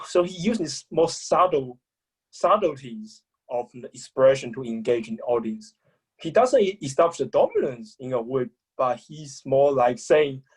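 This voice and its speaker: A man in a thoughtful discussion about speaking style, often pausing and restarting as he searches for words. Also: mid-range voice, husky, poor audio. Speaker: public speaking commentator. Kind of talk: analytical discussion.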